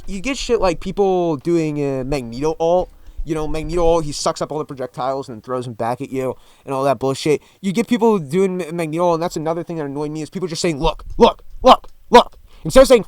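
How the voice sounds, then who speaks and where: A man's voice: fairly high pitch, no echo. A man ranting about a video game in a vlog, profane, exasperated and repetitive. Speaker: gaming commentator.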